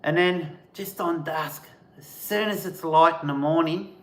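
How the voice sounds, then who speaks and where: A man hosting a live stream, telling casual stories in an animated way and mimicking sounds as he goes. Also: fairly high pitch, measured pace, echoey room. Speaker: host of a camping channel, live stream.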